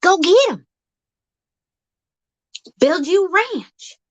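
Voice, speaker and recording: High, lively woman vlogger. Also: extremely slow, muffled recording. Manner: folksy, rambling, animated, teasing. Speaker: vlog host. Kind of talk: playful comic monologue. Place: outdoors.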